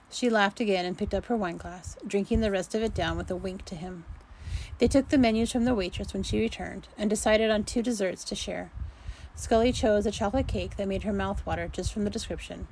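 A woman's voice: mid-range voice, darkish tone, slight background noise, low-quality recording. Woman reading a romance story aloud. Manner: unhurried reading, restarts fumbled sentences. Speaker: narrator.

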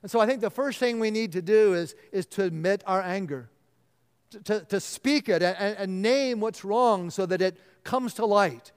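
A man preaches a sermon in a high, resonant voice, earnest in tone and often sinking to a hush to press a point home. His words ring out with the long reverb of a large church sanctuary. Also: normal speed, smooth. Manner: earnest, drops to a hushed voice for emphasis. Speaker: pastor.

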